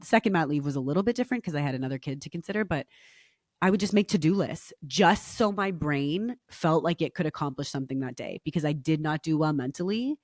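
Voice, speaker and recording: A woman's voice: deep voice, darkish tone, no echo, studio quality. Candid, reflective woman podcast guest. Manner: candid, reflective, often laughs. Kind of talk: casual podcast chat.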